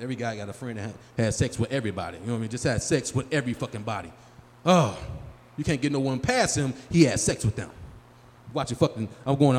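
A man in his forties doing a live stand-up set, working the crowd loudly and acting out his friends in high, excited voices. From Chicago area. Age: 40s. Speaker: stand-up comedian. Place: small live venue. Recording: live room with long reverb and faint hum.

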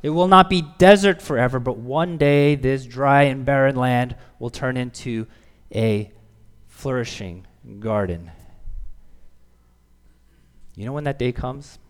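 A pastor preaching a sermon earnestly, rising to emphatic swells and dropping to quiet, soft lines. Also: male voice, medium pitch, unhurried, pauses often, clean tone. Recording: long hall reverb.

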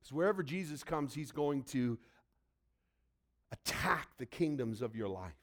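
A man's voice: mid-range voice, expressive, unhurried, fairly bright tone. A man preaching a sermon in a conversational way, acting out little quotes. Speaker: pastor.

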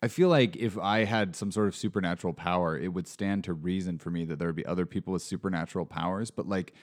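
A man's voice: deep voice, fast talker. A man co-hosting a podcast, chatting casually and mostly backing up his co-host with short replies. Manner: relaxed, mostly brief agreement. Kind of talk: casual recap chat.

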